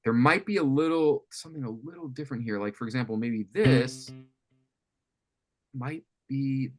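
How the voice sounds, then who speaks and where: A man coaching a student on writing guitar riffs, thinking aloud with lots of restarts and animated talk. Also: mid-range voice, normal speed. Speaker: music coach. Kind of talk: teaching songwriting on a call. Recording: faint guitar music behind.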